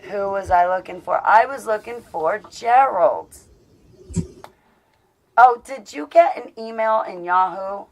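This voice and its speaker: A woman hosts a casual live video-call show, rambling affectionately with lots of fillers. Her voice is mid-range and slow, and the audio quality is poor.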